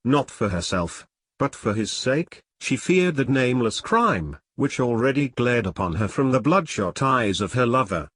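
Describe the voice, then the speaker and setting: A male narrator reads an old melodrama aloud in a steady, measured voice. His pitch sits in the middle, and the sound is close and dry with no room echo. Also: breathy edge. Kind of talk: dramatic audiobook reading of an old novel.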